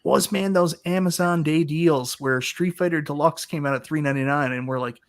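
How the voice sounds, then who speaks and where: A man's voice: a little high, brisk. A man in his thirties hosting a casual panel chat over a video call, a jokey storyteller who laughs a lot. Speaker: host of an arcade talk show.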